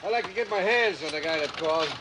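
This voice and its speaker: A brusque, commanding police lieutenant, played by an actor in a 1950s film. His voice sits high, and heavy outdoor street noise runs under it. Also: expressive, fast talker, lightly acted. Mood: gruff. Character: gruff, impatient police lieutenant.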